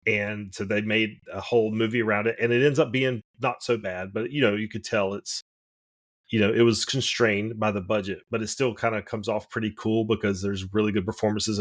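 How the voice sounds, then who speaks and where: Man, fairly low voice, podcast co-host, rambling, opinionated, casual. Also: level tone, brisk. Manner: rambling, opinionated, restarts often. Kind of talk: casual chat.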